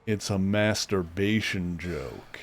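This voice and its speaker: A man's voice: deep voice, slow pace. A male streamer chatting casually and doting on his cat during a live stream.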